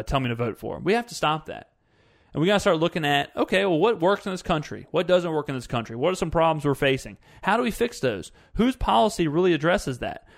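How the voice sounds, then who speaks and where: Exasperated young man ranting casually. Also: fairly high pitch. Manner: animated, exasperated, rhetorical questions. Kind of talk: casual political rant.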